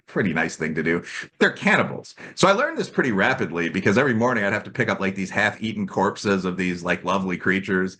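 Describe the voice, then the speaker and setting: A man's voice: fairly low pitch, a little hiss or hum. A man hosting a podcast, telling rambling, jokey stories in a casual chat. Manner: rambling, animated storytelling, jokey. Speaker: podcast host.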